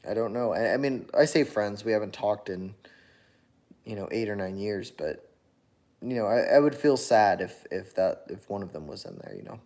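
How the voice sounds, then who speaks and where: A man tired after a long workday delivers a casual, rambling monologue on his own channel, full of fillers and restarts. His voice is lowish with a darkish tone, at a normal speed.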